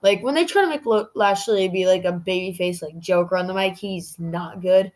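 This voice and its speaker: Woman, podcast host, casual chatty review, lots of filler words, slightly low voice. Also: moderate pace, darkish tone. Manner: chatty, heavy use of "like" fillers. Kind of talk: casual wrestling show review.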